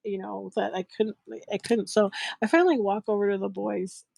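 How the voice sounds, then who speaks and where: A middle-aged woman hosting a live shopping show, telling a story in a casual, animated, giggly way and acting out the voices she quotes. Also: medium pitch, brisk, vocal fry, no room sound.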